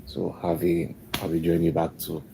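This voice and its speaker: A man's voice: low voice, completely flat delivery, gravelly, warm tone, slight background noise. A man calling in to a live stream, hesitantly signing off. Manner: halting, hesitant. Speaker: caller. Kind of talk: casual sign-off.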